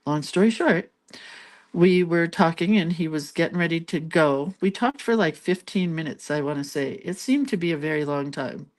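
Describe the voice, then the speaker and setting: A woman's voice: low voice, normal speed, a little mellow. A woman hosting a craft channel, telling a rambling story in casual chat and laughing between lines. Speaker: lettering and doodling channel host.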